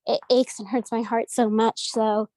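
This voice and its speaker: An upbeat woman from the United States talking as an interview guest, her voice a little high. She speaks effusively with plenty of "um" and "like", close and dry. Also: little pitch movement, unhurried, mellow, no room sound. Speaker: voice actress guest. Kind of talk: casual interview.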